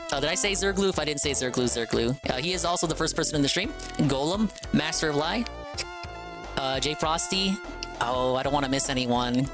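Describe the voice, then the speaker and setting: A man hosting a casual live stream, excitable and rambling, with lots of fillers and restarts. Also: fairly high pitch.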